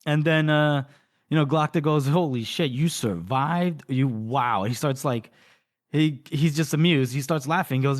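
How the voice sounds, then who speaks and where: A man's voice: a little high, normal speed. A man co-hosting a podcast, casually retelling a book's chapter with lots of fillers and quoted dialogue. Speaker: podcast co-host. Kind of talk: casual book recap.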